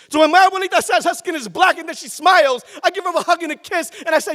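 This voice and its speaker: A man's voice: very high voice, racing, few pauses. A man from Puerto Rico performing a spoken word poem on stage, with a rhythmic, impassioned delivery. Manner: rhythmic, impassioned, building to shouts. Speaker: slam poet. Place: stage at a live poetry event. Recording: long reverb of a large hall.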